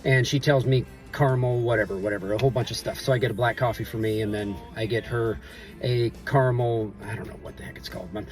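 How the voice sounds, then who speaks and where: A man's voice: mid-range voice, steady tone, fast, faint music behind. A middle-aged man vlogging, telling a story in a rambling, offhand way full of loose filler phrases. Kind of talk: casual storytelling to camera. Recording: voice a bit distant from the mic.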